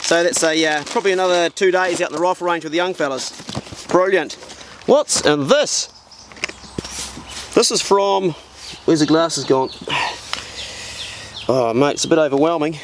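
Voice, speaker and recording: A man's voice: on the high side, noisy background. A New Zealand man with a New Zealand accent, chatting in a slangy, blokey way as he opens parcels on his vlog at an old farmhouse. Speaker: vlogger. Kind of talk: casual mail-opening vlog.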